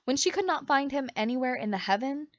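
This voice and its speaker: Lively, dramatic woman storybook reader. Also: high-pitched, fast talker, no room sound. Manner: expressive, dramatic reading. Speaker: audiobook reader. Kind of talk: storybook read-aloud narration. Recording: dry, slightly muffled home recording.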